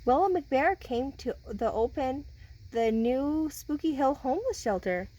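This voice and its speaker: This is a storybook reader, a woman with a high-pitched voice, reading a children's picture book aloud at a slightly slow pace. She stays animated and talks with the kids listening, captured in a low-quality recording.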